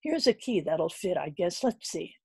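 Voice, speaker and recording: A woman voicing a brisk, bossy older landlady who scolds and fusses over her premises. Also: on the low side, sing-song, creaky, slightly rough, no room sound, heavily acted. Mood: scolding. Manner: scolding, bustling, indignant.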